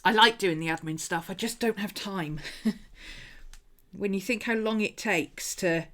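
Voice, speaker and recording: A woman's voice: medium pitch, measured pace, a bit bright. A woman hosting a casual craft livestream at home, rambling chattily with frequent laughs and asides while she paints. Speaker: host.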